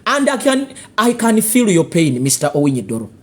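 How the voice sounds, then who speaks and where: Husky, combative Ugandan-accented commentator. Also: medium pitch, big pitch swings, fairly quick. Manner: confrontational, full of rhetorical questions and warnings. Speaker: political commentator. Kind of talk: live political commentary monologue.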